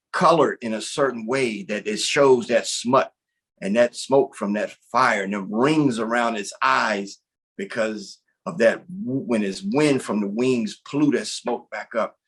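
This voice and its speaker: Husky male storyteller, conversational and animated. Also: medium pitch. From North Carolina. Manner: animated, conversational, with frequent "right?" check-ins. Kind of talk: oral storytelling of a creation tale.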